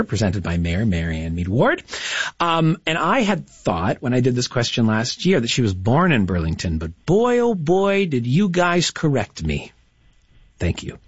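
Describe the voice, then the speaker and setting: A man's voice: medium pitch, wildly swooping pitch, normal speed, husky, no room sound. A man hosting a radio call-in trivia quiz, chatty and encouraging with the callers. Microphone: studio broadcast mic. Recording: slightly dull, dry studio mic.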